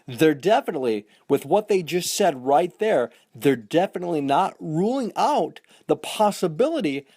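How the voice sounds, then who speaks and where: Game-news host, male, slightly high voice, very lively delivery, close dry sound, chatty "folks" patter. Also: normal speed, hardly any pauses, no echo. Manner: animated, addresses viewers as folks; repeats "you know what I mean". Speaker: gaming news channel host. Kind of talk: casual video commentary.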